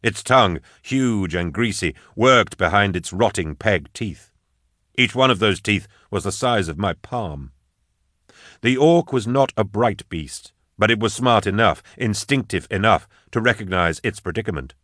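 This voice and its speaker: A man reading a dark first-person fantasy story aloud in a measured, grave storytelling manner. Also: lowish voice, animated, no room sound, clean studio sound. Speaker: narrator. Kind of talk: audiobook narration of dark fantasy fiction.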